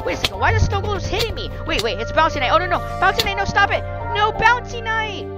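A woman hosting a gameplay video, chatting casually and crying out in excitement whenever danger strikes. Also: very high voice, quick pace, over loud music, rough recording. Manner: excitable, yelps and cries of no at danger. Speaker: gaming video host. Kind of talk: casual Minecraft gameplay commentary.

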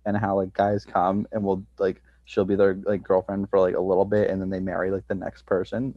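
A man's voice: low-pitched, monotone, fairly quick, no echo. A man, a comedian guest, chatting casually on a podcast, rambling with lots of fillers and restarts. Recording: dull, dry lo-fi audio.

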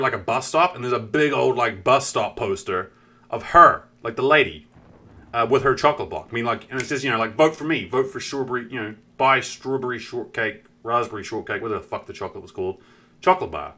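A New Zealand man streams while chatting casually, his medium-pitched voice carrying a sharp tone. He rambles with plenty of fillers and swearing, acting out what people said.

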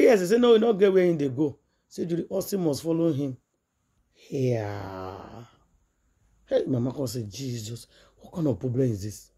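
A woman's voice: sits low, lively intonation, moderate pace, long pauses, warm tone, breathy edge. A woman with a Nigerian accent, a gossip vlogger retelling a story in Pidgin English and acting out the quoted dialogue in a chatty, dramatic way.

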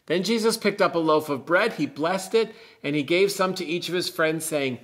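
A middle-aged pastor reading a Bible story and giving a children's message, explaining simply and gently. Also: male voice, on the high side, lively intonation, normal speed.

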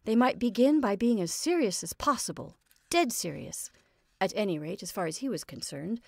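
A woman narrates a story with a steady mid-range voice, shifting her reading from lively to hushed, almost whispered. The recording is dry and close, with no room sound. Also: medium pitch, normal speed, creaky, no echo.

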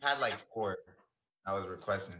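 A man's voice: deep voice, brisk, bright, forceful tone, slight background noise. A man bantering casually on a livestream and talking to the chat. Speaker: co-streamer.

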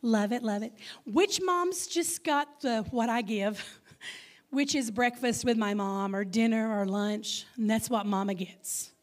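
Texan woman in her 50s preaching to moms, playful, keeps tossing questions at the crowd, slightly high voice. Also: unhurried. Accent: Texas. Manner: lively, playful, calls out questions to the congregation. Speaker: guest speaker. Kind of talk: Mother's Day sermon with audience call-and-response.

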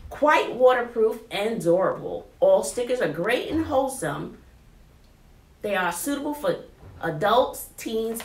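Animated teacher vlogging. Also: female voice, a little high. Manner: animated, exclaiming, chatty with viewers. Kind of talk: casual unboxing chat to viewers. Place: classroom. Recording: roomy, distant camera mic, faint noise.

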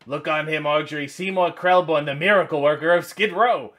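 Man putting on a boastful old shopkeeper, loud showman announcing, a bit high. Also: moderate pace, close to an everyday voice. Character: boastful older male shopkeeper, impression of an actor.

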